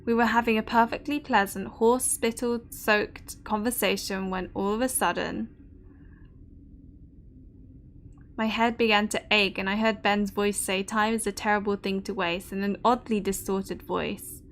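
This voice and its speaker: A woman's voice: medium pitch, steady tone, moderate pace, hardly any pauses, a little hiss or hum, lightly acted. A woman voicing a wry, anxious young noblewoman, reading game dialogue aloud in a formal storybook manner.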